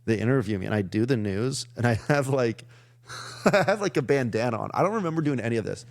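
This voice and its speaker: A man's voice: medium pitch, fast talker, vocal fry, no room sound. A young man, a comedian guest, telling a wild story in casual chat, rambling with lots of fillers. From Iowa. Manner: rambling, many "like" fillers, animated retelling.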